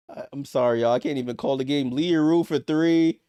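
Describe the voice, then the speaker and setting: Exasperated man, watchalong host, loud outbursts then mutters, smooth clear voice, dry close sound. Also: mid-range voice, moderate pace, no echo. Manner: frustrated, laughing in disbelief, swings between loud outbursts and muttering. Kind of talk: exasperated live game commentary.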